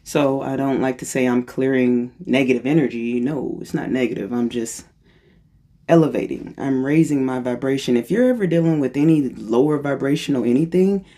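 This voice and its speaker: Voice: moderate pace, dark tone. A spiritual channeler giving a casual freestyle monologue, rambling and correcting themselves, with a playful, self-mocking humor. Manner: playful and self-mocking, jumps into high-pitched voices for quotes; rambling, restarts and corrects itself.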